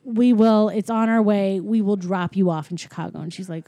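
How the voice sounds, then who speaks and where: In a medium-pitched, dark-toned voice with no echo, a woman moves at a moderate pace while recapping a film with a friend on a podcast. The chat is casual, full of storytelling, acted-out quotes, and frequent laughter.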